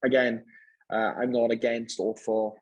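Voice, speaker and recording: A man's voice: mid-range voice, measured pace, low-quality recording. Welsh man chatting loosely on a podcast. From Wales. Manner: relaxed, rambling, many fillers. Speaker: podcast guest, fighter. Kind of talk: casual chat.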